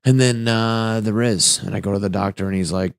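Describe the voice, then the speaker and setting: A man's voice: lowish voice, steady tone, brisk, gravelly, smooth, no room sound, studio quality. A young man hosting a solo comedy podcast, rambling through crude jokes and laughing at his own punchlines. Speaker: podcast host.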